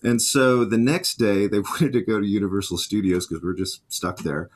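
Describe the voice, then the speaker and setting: A middle-aged guitarist and music teacher tells lively anecdotes in a casual interview, acting out the voices of the people he quotes. His voice is on the low side, and he speaks at normal speed.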